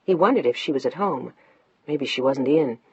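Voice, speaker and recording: A woman narrates a novel in a steady, scripted way, hushing in tense moments. Her voice is very low and husky. The dry recording sounds dull and lo-fi. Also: normal speed, no echo. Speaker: audiobook narrator.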